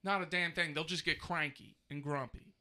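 A man's voice: on the high side, steady tone, normal speed, pushed and bright. A man in his thirties co-hosting a podcast, ranting animatedly with lots of swearing in casual chat. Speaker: podcast co-host.

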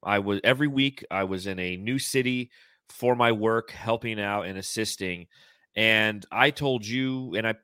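Man, podcast host, casual rambling sports talk, low voice, dry sound. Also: pushed and bright, dry recording.

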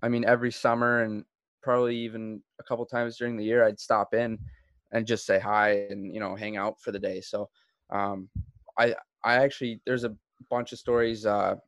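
A man hosting a podcast in casual chat, relaxed and rambling with plenty of fillers and restarts. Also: on the low side, normal speed, dry recording. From Florida. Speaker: podcast host.

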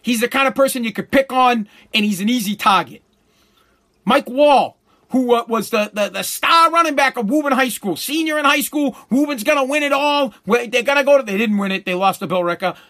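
A man's voice: extremely high pitch, fairly quick, bright, forceful tone. A middle-aged man, hosting a show and telling a profane story bluntly, with many restarts. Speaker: show host.

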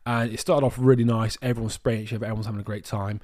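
A man from the UK co-hosting a podcast, telling a travel story in a rambling, animated way with lots of restarts. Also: lowish voice, very fast. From United Kingdom. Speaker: podcast co-host. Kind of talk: casual storytelling chat.

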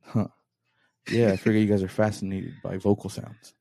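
A man's voice: fairly low pitch, little pitch movement, normal speed, creaky, warm tone, no room sound, clean studio sound. A man telling a rambling, profane story in casual podcast chat, often laughing as he retells it. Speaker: podcast host.

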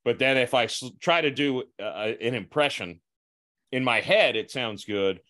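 A man hosts a relaxed podcast conversation. He laughs easily and makes light of himself, in an ordinary mid-pitched voice. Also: measured pace. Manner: laughs often, self-deprecating. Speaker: podcast host. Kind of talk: casual interview chat.

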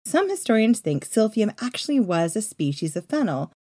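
A woman's voice: medium pitch, very animated, normal speed, warm tone. A woman co-hosting a podcast, telling history in a conversational way with jokey asides. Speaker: podcast co-host. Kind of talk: casual history storytelling.

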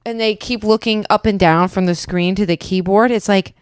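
A woman's voice: mid-range voice, steady tone, normal speed, smooth, dry recording, studio quality. A woman co-hosting a podcast in casual chat, teasing and wry, laughing often. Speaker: podcast co-host.

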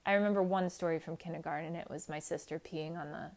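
A woman's voice: sits low, quick pace. Blunt, emphatic woman talking candidly. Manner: blunt and emphatic, swears casually; animated storytelling with acted-out quotes. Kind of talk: candid personal monologue.

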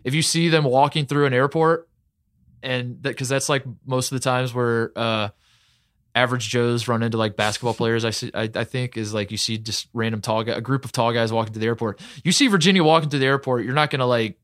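Excitable man in rambling sports chat. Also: medium pitch, brisk, no echo, clean studio sound. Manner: excitable, rambling, many fillers. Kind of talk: casual sports talk.

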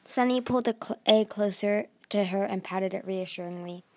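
A woman hosting a podcast and reading a novel chapter aloud at a steady pace, with occasional restarts. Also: mid-range voice, normal speed, few pauses. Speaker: podcast host reading a book. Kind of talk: storybook read-aloud.

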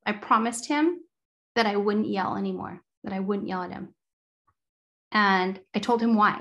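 A woman's voice: mid-range voice, moderate pace, a bit bright, highs cut off. A woman in a casual conversation who talks freely and laughs between phrases.

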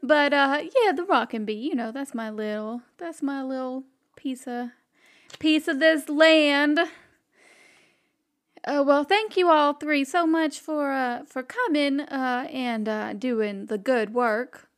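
A woman's voice: high voice, slow pace. A woman voicing a polite, hesitant older male ranch owner who rambles with fillers. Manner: courteous, hesitant, filler-heavy.

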